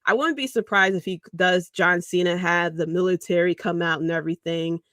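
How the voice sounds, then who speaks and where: A woman hosting a casual livestream, talking in a rambling, animated way and chuckling mid-sentence. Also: on the low side, a little fast, no room sound, studio quality. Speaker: podcast host.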